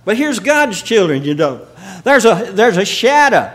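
A man preaching a sermon, reading scripture slowly and explaining it in plain folksy talk, with frequent throat clearing and soft chuckles. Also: high-pitched, very animated.

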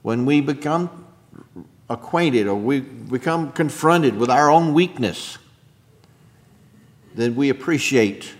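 Male pastor, unhurried sermon delivery, animated pitch, emphatic swells. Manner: emphatic preaching, dropping soft then rising loud; throat-clearing, chuckling asides to the congregation.

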